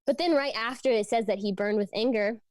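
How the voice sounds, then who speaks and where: A woman's voice: fairly high pitch, fairly quick, darkish tone, no room sound. A young woman giving a casual youth sermon, teaching from scripture in an earnest, conversational way with lots of "like" and "um". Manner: conversational, frequent fillers like "like" and "um". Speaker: youth ministry speaker.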